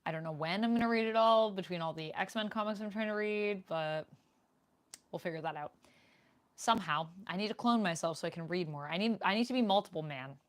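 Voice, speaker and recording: A woman with a mid-range voice speaks briskly. She's a young streamer casually chatting with viewers during a live Q&A, reading their comments aloud as she goes, indoors in a room at home on a desk microphone.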